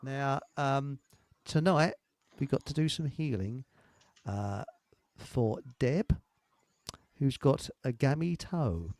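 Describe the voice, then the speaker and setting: A man's voice: medium pitch, expressive, slow pace, darkish tone, dry recording. A middle-aged man, hosting a live online show in a rambling, jokey chat and laughing at his own jokes. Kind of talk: casual chat.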